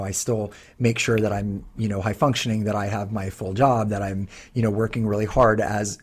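A man in his fifties co-hosting a podcast, telling stories in a casual, animated way with lots of fillers. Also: lowish voice, slightly rough. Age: 50s. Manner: animated storyteller, many fillers. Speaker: podcast co-host.

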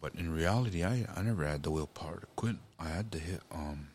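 A man recounting a personal story, halting and restarting often, speaking of God and blessing. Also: low voice, a little mellow, husky. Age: adult parent. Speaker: guest.

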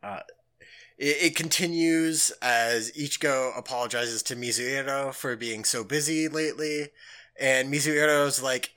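Bright guy, animated, rambly podcast recap, lots of fillers. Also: mid-range voice, normal speed, smooth. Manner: animated, filler-heavy, acts out quotes. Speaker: podcast co-host. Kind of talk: casual recap chat.

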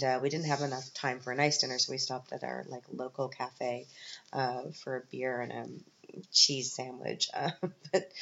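A woman's voice: rumbling low, vocal fry, dull audio. A middle-aged Canadian woman telling rambling, wry stories on her podcast, with lots of ums and self-deprecating asides. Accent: Canadian English. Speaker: podcast host. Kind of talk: casual storytelling monologue.

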